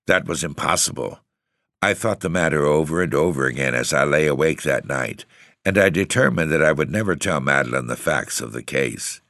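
A man narrates a story with a very low, deep voice. His delivery is measured and formal, and the sound is dry and close. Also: fairly bright tone, no room sound. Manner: measured, formal, old-fashioned phrasing. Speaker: audiobook narrator. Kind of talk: scripted narration.

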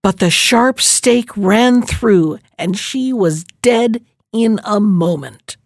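A woman narrating an old fairy tale and giving each character a different pitch. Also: slow, dry recording, clean studio sound. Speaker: storyteller.

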